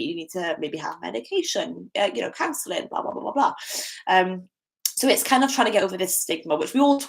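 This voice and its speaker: A woman's voice: lowish voice, vocal fry. A young British woman giving a candid, chatty solo podcast talk, with frequent fillers and restarts. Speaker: podcast host.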